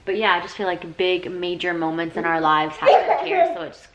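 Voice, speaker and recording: On the verge of crying, a young woman talks casually to her camera at home late at night, peppering her speech with "like." She speaks a bit quickly in a lowish, even tone, and the recording has loud background noise with the high frequencies cut off.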